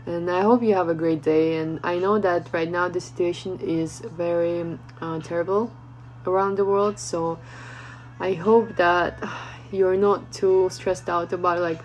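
Animated young woman telling a story. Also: fairly low pitch, slight background noise, rough recording. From Ukraine. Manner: animated storytelling, acting out quotes, many fillers. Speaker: vlogger. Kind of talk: storytime chat to camera.

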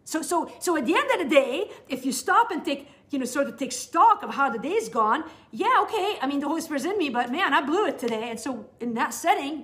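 A woman's voice: sits high, expressive, fairly quick, fairly bright tone. A middle-aged woman giving a teaching session to new believers, talking in an earnest, conversational way with frequent restarts. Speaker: Bible teacher.

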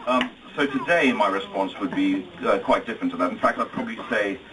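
A man's voice: lowish voice, a little fast, noisy background. A man with a British accent giving his wedding speech, self-deprecating and jokey, tripping over restarts. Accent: British English. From Britain. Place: wedding reception hall with guests. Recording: distant, crowded reception with chatter and laughter.

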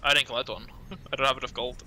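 A British man from England trades dry, teasing banter during a casual game session. His voice is strikingly bright and sharp. A faint hiss of noise sits behind him. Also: mid-range voice, fairly even intonation, racing. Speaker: co-player. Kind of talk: casual gaming chat.

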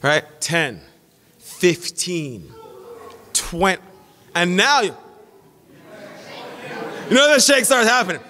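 Middle-aged male pastor, lively sermon voice, bright and forceful, long church-hall echo. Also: high voice, slow, long pauses. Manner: animated storytelling, acts out quotes. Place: church sanctuary.

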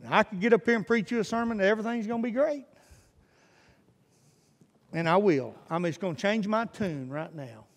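A man's voice: high-pitched, brisk, gravelly, pauses often. A man preaching a fervent sermon as pastor, his intensity rising and falling. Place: church sanctuary. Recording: church service recording with long hall reverb.

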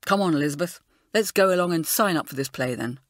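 Woman voicing a clever schoolboy, teasing, easygoing, lower voice, dry sound. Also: animated, quick pace, no room sound. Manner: teasing, easygoing, gently mocking. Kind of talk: audiobook character voice.

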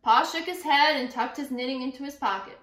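A woman teacher reading a picture book aloud to her class, pausing to think out loud about what she imagines. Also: high-pitched. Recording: echoey room.

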